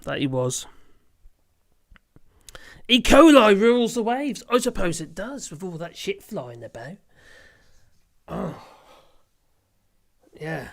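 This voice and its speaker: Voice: mid-range voice, sing-song, slow, gravelly, pauses often, fairly bright tone. A casual livestream host, who rambles, laughs often and swears freely while reading viewer comments. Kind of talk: casual live chat.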